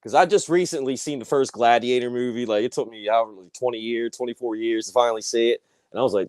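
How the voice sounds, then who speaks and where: Laid-back rambling man, smooth dry voice. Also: mid-range voice, fast talker, darkish tone, dry recording. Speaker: podcast co-host. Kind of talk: casual chat.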